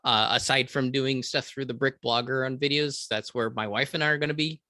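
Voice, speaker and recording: A man's voice: mid-range voice, fairly even intonation, brisk, pushed and bright, dry recording. A man talking casually as a podcast guest, easygoing and a little hesitant, restarting his sentences. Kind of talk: casual chat.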